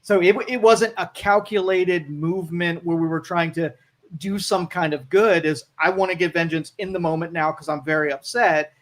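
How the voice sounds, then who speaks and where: A man's voice: on the high side, steady tone, normal speed. Blunt moralizing male talk-radio host. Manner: blunt, moralizing, reads listener comments. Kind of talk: live talk radio discussion.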